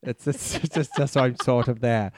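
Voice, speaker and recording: A man's voice: medium pitch, moderate pace, darkish tone, no echo. A man in casual, joking chat who stammers, repeats words and laughs often.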